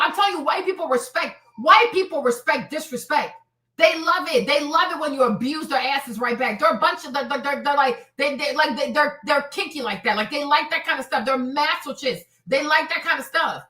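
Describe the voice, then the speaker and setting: A woman's voice: high-pitched, expressive, normal speed, sharp tone, reverberant. A woman hosting a live stream, ranting in a heated, profane, repetitive way. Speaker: streamer host.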